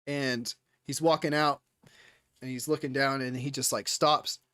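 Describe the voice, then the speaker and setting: A young man streaming live, telling a story in a rambling, excitable way, with many restarts and casual swearing. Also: medium pitch, unhurried, smooth, no echo, clean studio sound.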